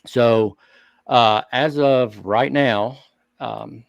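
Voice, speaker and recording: A man co-hosting a hobby talk show, speaking earnestly and thinking out loud in casual chat. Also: mid-range voice, drawn-out words, creaky, dry recording, muffled recording. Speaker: show co-host.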